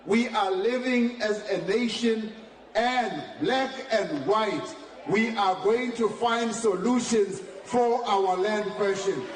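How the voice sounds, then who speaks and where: A man's voice: high voice, slow pace. A man with a South African accent giving a defiant, emphatic public speech. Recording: distant mic, echoey, noisy background.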